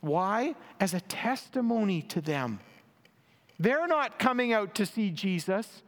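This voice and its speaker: A preacher with a high voice and big pitch swings takes it slowly, reading and explaining scripture in an earnest, emphatic manner. He lifts his voice for quoted lines, amid long hall reverb.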